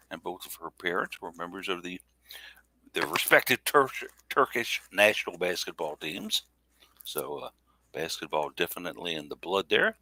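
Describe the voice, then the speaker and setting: A man co-hosting a casual sports podcast, reading out a player's background in a lively way. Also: low voice, no echo, rough recording. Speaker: podcast co-host.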